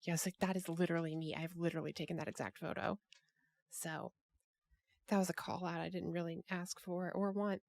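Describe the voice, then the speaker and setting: A woman's voice: fairly low pitch, flat delivery, a little fast, vocal fry, a little mellow, dry recording, studio quality. A woman hosting a casual group chat over a call, rambling with many restarts and fillers. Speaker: podcast host.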